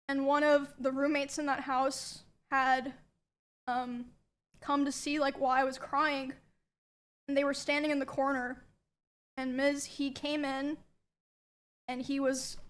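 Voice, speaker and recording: A woman quietly recounting a personal experience, subdued and hesitant with many pauses and ums. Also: high voice. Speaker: streamer telling a personal story. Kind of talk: soft-spoken personal account.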